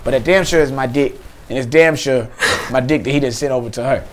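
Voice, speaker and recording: A man's voice: medium pitch, a little fast. A man hosting a podcast, telling a comic story and acting out both sides of a phone call. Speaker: podcast host. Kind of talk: comedic storytelling.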